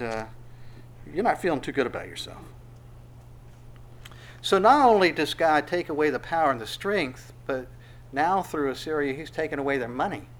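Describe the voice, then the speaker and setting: A man preaching a conversational sermon, retelling scripture in a lively way and often repeating his words. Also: fairly high pitch. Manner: animated storytelling with repeated words and voiced asides.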